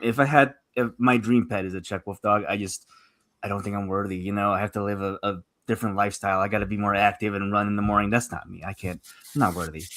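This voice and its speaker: Bright-toned man, panel guest, hesitant and self-deprecating, casual chat. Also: fairly low pitch.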